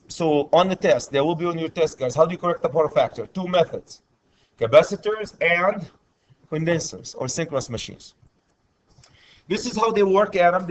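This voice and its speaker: A man's voice: a little high, slight background noise. A man teaching an electrical class, often stopping to ask students for questions. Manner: repetitive, checks in with students often. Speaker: electrical instructor. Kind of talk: classroom lecture.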